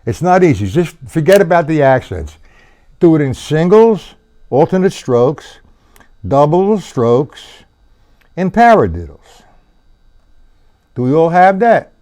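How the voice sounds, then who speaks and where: Very animated, with a fairly high but dark voice, a measured pace and long pauses, this man runs a live-streamed drum lesson. He counts beats out loud while playing, chats casually with viewers and curses his own slip-ups. Drums sound faintly in the background.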